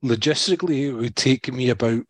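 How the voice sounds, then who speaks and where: Male co-host, dry humour, mid pitch, dry close recording. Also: a little fast, husky, no echo. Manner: dry deadpan humour, restarts often. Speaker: podcast co-host. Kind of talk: casual podcast chat.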